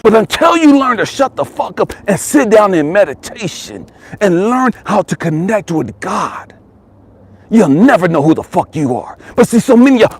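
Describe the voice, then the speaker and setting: A husky man in a dry, close-sounding space, pouring out a profane, fired-up motivational speech. His pitch leaps and falls widely as he hammers home repeated lines. He swings between near-shouts and low, hushed stretches. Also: big pitch swings, normal speed, dry recording. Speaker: life coach and motivational speaker. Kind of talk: impassioned motivational monologue.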